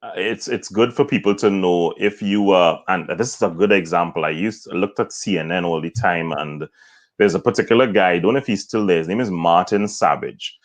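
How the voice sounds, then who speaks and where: A man's voice: low-pitched, fairly quick. A man from Trinidad, a voice coach guest, explaining vocal ideas step by step in an interview. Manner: explanatory, demonstrates points with acted examples.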